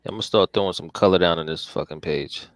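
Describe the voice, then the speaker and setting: A man hosting a casual chat while drawing comics, talking in a profane, slangy, animated way. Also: sits low, fast talker, no echo. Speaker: comic artist and host.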